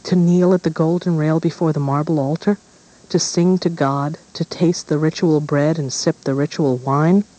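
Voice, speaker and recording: A man voicing a devout witch queen stepmother, coaxing and pleading in a dark storybook. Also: a little high, fairly even intonation, moderate pace, pitched above the performer's own voice, close to an everyday voice, rough recording.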